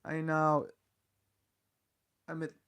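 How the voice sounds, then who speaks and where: A man's voice: a little high, completely flat delivery, very slow, a bit bright, smooth. A man hosting a solo podcast, talking bluntly and opinionatedly with profanity and frequent restarts. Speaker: podcast host. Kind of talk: casual solo podcast commentary.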